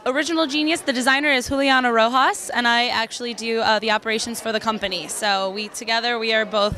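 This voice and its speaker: A woman explains where her company's name comes from. Her voice is bright and a little high. She sounds slightly distant from the microphone. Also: fairly even intonation, fast. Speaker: company operations manager.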